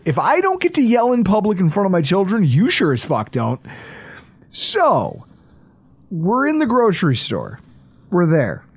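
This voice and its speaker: A man, co-hosting a podcast in casual, profane, animated storytelling. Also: fairly high pitch. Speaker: podcast co-host.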